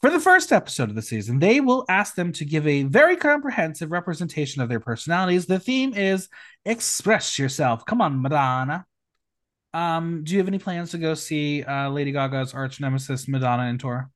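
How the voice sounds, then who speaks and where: Animated, sassy podcast host man. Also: on the high side, fairly quick. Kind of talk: recap podcast reading a script with banter.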